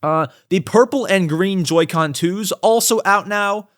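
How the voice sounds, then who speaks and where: A young man hosting a podcast in casual chat, animated, swinging between loud outbursts and low mutters. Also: a little slow. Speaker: podcast host.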